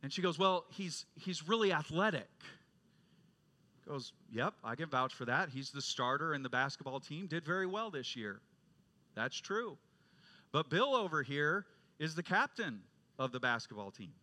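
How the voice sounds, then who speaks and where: A man preaching a sermon as pastor, moving from loud proclaiming to quiet storytelling. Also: on the high side, very animated, moderate pace. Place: church sanctuary.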